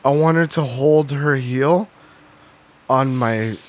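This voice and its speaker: A man's voice: medium pitch, slow. A man co-hosting a podcast in casual chat, rambling and swearing, often laughing. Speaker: podcast co-host.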